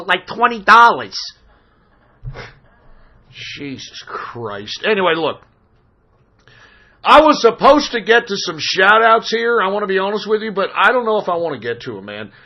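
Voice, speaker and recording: Cursing hoarse radio host guy, fed up and ranting, highish voice, muffled lo-fi audio. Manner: exasperated, profane, ranting. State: hoarse from screaming. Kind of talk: profane talk radio rant. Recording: dull lo-fi stream audio.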